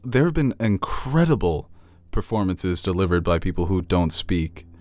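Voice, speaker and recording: A man with a lowish voice lays out firm, analytical opinions on a TV episode in a casual podcast chat. His voice sits close and dry, with no room sound around it. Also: sing-song, normal speed, a little mellow, no room sound. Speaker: podcast co-host. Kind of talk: casual TV review discussion.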